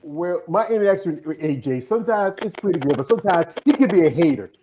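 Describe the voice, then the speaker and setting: Chill host guy reading chat comments, kinda high voice, faint hiss behind. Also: fast. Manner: relaxed, reads out viewer comments. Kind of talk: casual interview with live chat.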